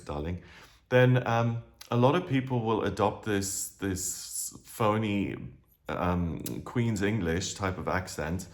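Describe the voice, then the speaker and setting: A man giving a casual, chatty astrology talk, drifting into side remarks and restarting his sentences. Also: fairly low pitch. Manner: chatty, digressive, with frequent restarts.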